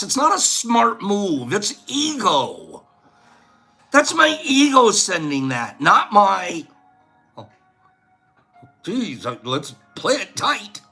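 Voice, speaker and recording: A man's voice: sits high, huge pitch swings, slow, long pauses, sharp tone, slightly rough, soft background music. A man hosting a casual vlog, rambling and lecturing as he talks. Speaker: host.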